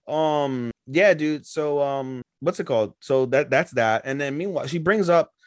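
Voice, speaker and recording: A man co-hosting an anime podcast in casual chat, animated, with squeaky put-on voices when retelling scenes. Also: moderate pace, dry recording, studio quality. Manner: animated, jumps into high squeaky voices for characters. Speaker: podcast co-host.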